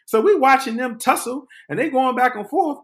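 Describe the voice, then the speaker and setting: High-voiced man telling a comic story. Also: moderate pace. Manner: animated, dramatic storytelling, acting out scenes. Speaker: podcast host. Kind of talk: comedic storytelling.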